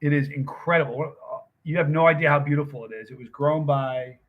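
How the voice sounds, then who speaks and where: A man's voice: on the high side, fairly quick, phone-quality sound. A middle-aged man hosting a livestream, chatting casually with viewers and rambling through a story. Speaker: livestream host. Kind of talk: casual chat with live viewers.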